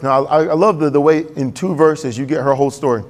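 A man preaching a sermon, talking conversationally and quickly and asking the congregation questions. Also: on the high side. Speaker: pastor. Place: church sanctuary. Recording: long reverb of a church hall.

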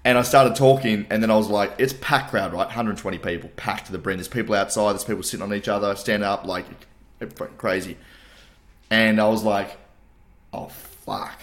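A man's voice: lowish voice, fairly quick. A man with an Australian accent, co-hosting a podcast in casual chat, swearing freely and laughing often while hungover. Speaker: podcast co-host.

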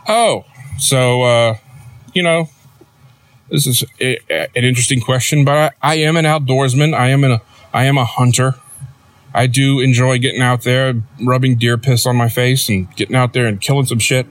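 Deadpan rambling male podcast host. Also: mid-range voice, moderate pace. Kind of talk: comedic podcast monologue. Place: outdoors near a road with passing trucks.

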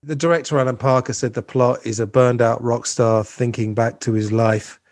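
A man's voice: medium pitch, fairly even intonation, moderate pace, darkish tone, dry recording, clean studio sound. Chatty man discussing a film. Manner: chatty, with many fillers and restarts. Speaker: podcast host.

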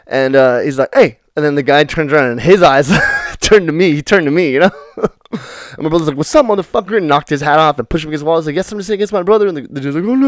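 A man's voice: medium pitch, no echo, studio quality. A young man hosting a podcast, telling stories off the cuff in a rambling, profane way with lots of fillers. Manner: rambling and profane, full of "you know" fillers. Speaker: podcast host. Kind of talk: unrehearsed storytelling monologue.

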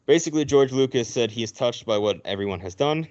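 Man giving a casual, animated movie recap. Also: mid-range voice, fast. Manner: animated retelling, acting out characters' lines. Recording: dull lo-fi recording.

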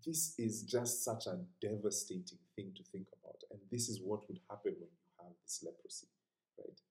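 Preacher, male, earnest and conversational, low mellow voice, echoey room. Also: normal speed. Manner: earnest, conversational, dropping to a hushed whisper at times. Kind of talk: sermon.

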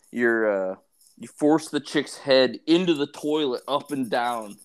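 A young man co-hosting a podcast, trading crude jokes in casual banter, laughing, swearing and clearing his throat often. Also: medium pitch, lively intonation, slow pace. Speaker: podcast co-host.

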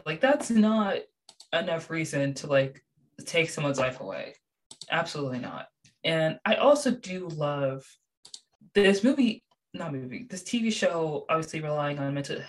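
A young woman chatting casually about a TV show, animated and gushing, with many fillers. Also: low voice, normal speed. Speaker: show reviewer. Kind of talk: casual chat.

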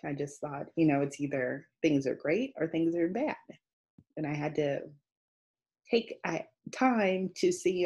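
A woman's voice: deep voice, a little slow, darkish tone, breathy edge. A woman guest telling her personal story in an earnest, heartfelt way. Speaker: guest author. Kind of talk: candid personal interview.

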